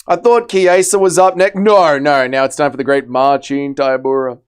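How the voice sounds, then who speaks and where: A man's voice: medium pitch, fairly even intonation, normal speed, smooth. A man hosting a casual fight livestream, bantering with chat, reading out messages and swearing freely. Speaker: livestream host.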